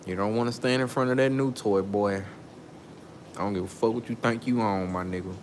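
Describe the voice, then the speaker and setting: A man venting in an angry vlog rant, swearing and jumping up in pitch as he gets worked up. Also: fairly even intonation, a little fast, slight background noise. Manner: angry ranting, swearing, voice leaping up when worked up. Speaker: vlogger. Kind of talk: heated venting monologue.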